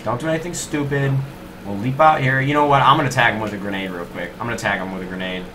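A young man giving live gameplay commentary, animated and self-mocking, talking straight to his viewers. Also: medium pitch, quick pace, background noise. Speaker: gaming YouTuber.

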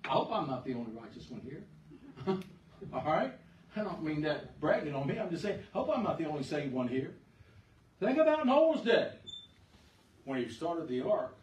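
Emphatic preacher in an echoey church. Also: male voice, fairly high pitch, slight background noise. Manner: emphatic, rises and drops sharply in volume, asks the congregation questions. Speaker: pastor. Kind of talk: sermon. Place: church sanctuary. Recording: echoey church room, far mic.

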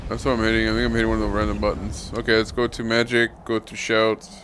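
A man's voice: fairly low pitch, flat delivery, fast talker, a bit bright, slight background noise. A man streaming a game live, chatting casually and reacting aloud in a laid-back way with casual swearing. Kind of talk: casual live gaming commentary.

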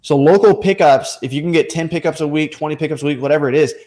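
A young man talking casually about running a business, joking and lively, slipping into quick animated voices when he acts out other people. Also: fairly high pitch. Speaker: online bookselling coach. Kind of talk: casual instructional talk to camera.

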